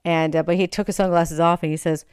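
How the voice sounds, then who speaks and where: A young woman hosts a podcast and tells a long personal story, jumping into the voices of the people she quotes. Her voice is smooth and a little low. The sound is close and dry, with no room in it. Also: fast, no echo. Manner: animated, acts out quoted voices. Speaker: podcast host. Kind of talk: storytelling monologue.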